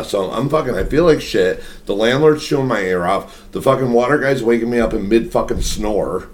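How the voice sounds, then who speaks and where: A man's voice: fairly low pitch, fairly quick. A young man hosting a podcast, telling a rambling story in casual chat, swearing constantly. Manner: profane, rambling, animated storyteller. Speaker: podcast host.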